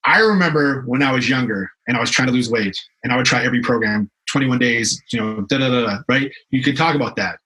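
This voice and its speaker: A young man from Canada talks as a fitness professional in a relaxed interview. His voice is bright and forceful, at a middling pitch for a man. He tells stories with energy, doubling back on his words and scattering fillers as he goes. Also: fast talker, few pauses, rough recording. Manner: animated storyteller, frequent restarts and fillers. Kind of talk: casual interview chat.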